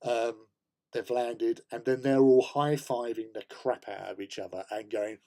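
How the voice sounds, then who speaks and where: A man's voice: medium pitch, steady tone, normal speed, gravelly, warm tone. An English man hosting a casual hobby stream, rambling through a travel story with many fillers and laughs. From England. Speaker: host.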